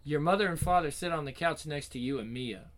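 Guy reading out a story game, bright voice, quick asides. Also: a little high. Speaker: game narrator and player. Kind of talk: reading a visual novel aloud.

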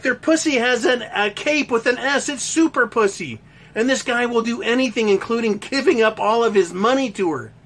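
High-voiced man on a crude ranting tear. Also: fairly bright tone. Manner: crude, heated, swearing constantly, mocking others in put-on voices. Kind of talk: profane opinion rant.

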